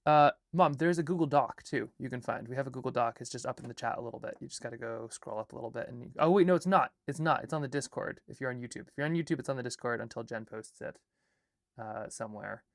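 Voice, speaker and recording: Man, young adult, from Alaska, livestreaming artist, rambling, gravelly, dry close sound. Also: mid-range voice, fast talker, no echo. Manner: rambling, reads chat comments and draft text aloud. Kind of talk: casual livestream, thinking aloud.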